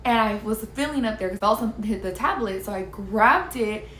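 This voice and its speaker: A woman telling viewers her own story in a casual, emphatic and animated way. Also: mid-range voice, brisk. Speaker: storyteller sharing her experience. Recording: roomy recording with faint background hiss.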